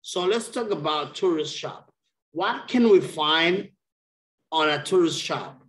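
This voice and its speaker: Slow, patient man teaching English. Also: a little high, lively intonation, a bit bright, slight background noise. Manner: slow, patient, repeats key words. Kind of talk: online English lesson. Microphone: video call. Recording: roomy echo.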